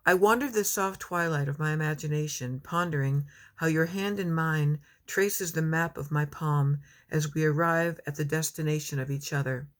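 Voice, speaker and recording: Chatty woman reading her own poems. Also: deep voice. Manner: chatty and rambling between poems, reads slowly and tenderly. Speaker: poet. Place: home, at her desk.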